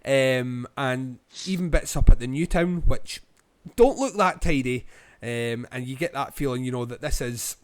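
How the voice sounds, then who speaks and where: A Scottish man co-hosting a podcast, giving a rambling film review full of ums and pauses. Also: mid-range voice, lively intonation, no echo. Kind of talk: casual film review chat.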